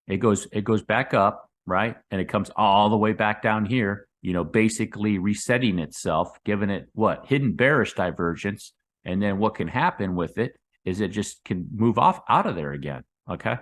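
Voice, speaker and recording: A man giving casual commentary on crypto charts, rambling and calling his viewers "guys," with his voice dropping low on those asides. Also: expressive, normal speed. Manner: rambling, addresses viewers as guys, drops low on tag words. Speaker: crypto market analyst.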